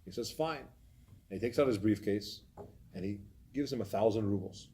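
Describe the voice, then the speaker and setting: A man's voice: fairly low pitch, a little fast, warm tone. A man, a community rabbi, telling a story in a Torah class, animatedly acting out its scenes.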